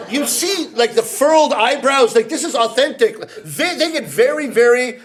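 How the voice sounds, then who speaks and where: Expressive and very high-voiced, the Canadian rakugo performer talks a little slowly as he does live comedy storytelling on a theater stage. He's playful, teases the audience, and acts out quoted voices.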